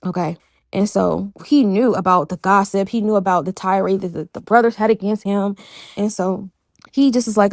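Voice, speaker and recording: A woman's voice: mid-range voice, steady tone, moderate pace, no echo, clean studio sound. A woman casually retelling a bible story in a chatty, digressive way, full of asides. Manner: chatty, digressive, fillers like "you know".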